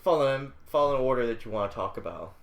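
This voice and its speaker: Man, podcast co-host, teasing, swearing, animated, echoey room. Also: medium pitch, fast talker. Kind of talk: casual banter.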